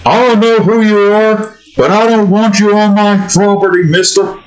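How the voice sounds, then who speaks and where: A man's voice: sits high, fairly even intonation, normal speed, echoey room, a little hiss or hum, pitched above the performer's own voice, natural voice, low-quality recording. A man voicing a grumpy, hot-tempered middle-aged cartoon dad who blusters threats. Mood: threatening.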